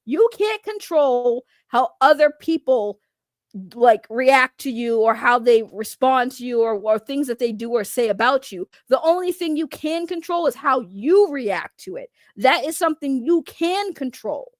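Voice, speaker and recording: A woman's voice: high-pitched, expressive, a little slow, no room sound, studio quality. A woman streamer talking on a casual reaction livestream, reading chat and rambling through loose trash talk that breaks into laughter.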